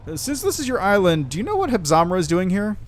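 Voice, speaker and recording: A man's voice: sits high, huge pitch swings, fast talker, slight background noise. A man streaming a game, chatting casually and reading the game's dialogue aloud.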